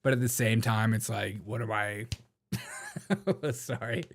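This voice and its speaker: A man's voice: lowish voice, takes it slowly, a little hiss or hum. A man hosting a live-stream show, chatting casually in slang, laughing often and mocking the clips he plays.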